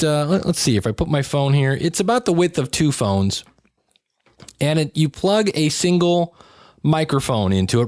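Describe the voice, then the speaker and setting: Demonstrating gear on his podcast, a man keeps the talk casual, chatty, wry, and cheerful. He has a mid-range, darkish voice, captured in a dry, clean studio recording.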